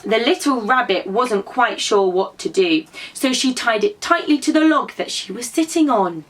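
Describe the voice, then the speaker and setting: A woman who teaches drama to young children, telling a story and prompting them to act it out in an animated, encouraging way. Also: fairly high pitch, moderate pace.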